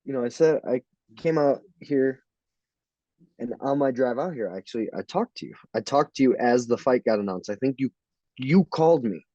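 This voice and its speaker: A man's voice: mid-range voice, normal speed, dark tone, dry recording, lo-fi sound. A young man in a casual interview, laughing and acting out quotes as he tells stories. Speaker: fighter.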